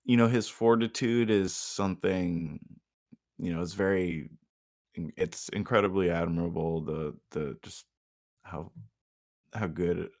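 Gravelly low-voiced man chatting casually. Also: a little slow, long pauses, a little mellow. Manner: laid-back, laughing, hesitant with fillers. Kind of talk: casual comedic chat.

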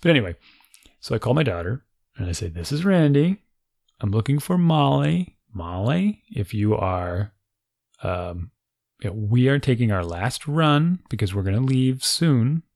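A man's voice: mid-range voice, expressive, normal speed, gravelly, a little mellow, no echo, studio quality. A man in his forties casually telling a funny family story, acting out quotes and laughing often.

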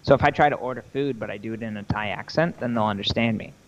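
A young man in casual podcast chat, rambling and animated, swearing freely as he tells stories. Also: on the low side, quick pace, lo-fi sound. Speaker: podcast co-host.

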